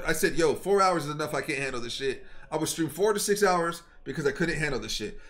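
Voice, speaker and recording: High, animated, profane male streamer. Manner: profane and confrontational; fast, worked-up storytelling. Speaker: game streamer. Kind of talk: heated live-stream rant.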